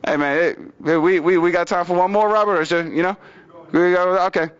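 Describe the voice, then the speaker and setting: A young man doing open-mic stand-up comedy, casually telling stories, repeating "you know what I mean", with big pitch swings on punchlines. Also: fairly even intonation, a little fast, smooth. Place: small venue at an open mic, in front of an audience. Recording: muffled lo-fi live recording.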